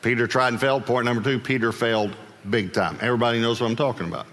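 A man preaching a sermon with humor, acting out scripture voices and breaking into sudden shouts. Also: medium pitch, fairly even intonation, quick pace, big-room sound, a little hiss or hum. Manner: humorous, acts out Bible voices, bursts into shouts.

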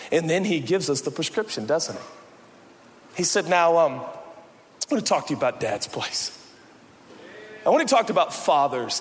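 Animated high-voiced preacher in a big hall. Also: male voice. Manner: animated, swings from shouting to quiet, playful asides. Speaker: pastor. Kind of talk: sermon. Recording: long hall reverb, faint background noise.

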